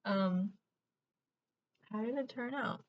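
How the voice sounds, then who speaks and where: A young woman from Venezuela talks candidly to camera while getting ready, wandering from one childhood memory to the next and often laughing through the rough parts. Her voice sits in a middle pitch. The home recording sounds a bit dull, with a faint hiss behind her. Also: takes it slowly. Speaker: vlogger. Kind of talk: get-ready-with-me chat while doing makeup.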